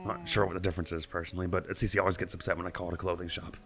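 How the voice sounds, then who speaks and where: A man's voice: deep voice, flat delivery, rapid-fire, gravelly, fairly bright tone, voice pushed down. A man voicing a cheerful, proud father boasting about his daughter, reading game dialogue in a lifted voice. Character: cheerful middle-aged father, proud, rambling.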